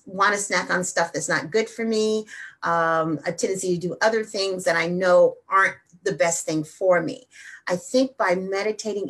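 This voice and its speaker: A woman hosting a wellness show, talking energetically and then slowing down to guide a simple meditation. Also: lowish voice, a bit bright. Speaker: wellness host.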